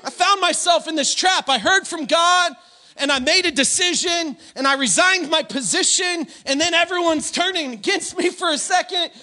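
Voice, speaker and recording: A male pastor preaching an energetic sermon, repeating phrases for emphasis, calling on the congregation and shouting key lines. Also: very high voice, moderate pace.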